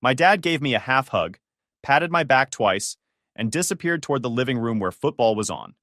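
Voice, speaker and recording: A man narrating a first-person story in an expressive, scripted storytelling manner. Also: mid-range voice, moderate pace, dry recording, clean studio sound. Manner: expressive storytelling, shifting tone with the drama.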